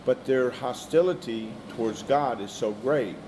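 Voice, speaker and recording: A man's voice: mid-range voice, a little slow, noisy background. A man teaching a small Bible study group in a conversational way, often putting questions to the people in the room.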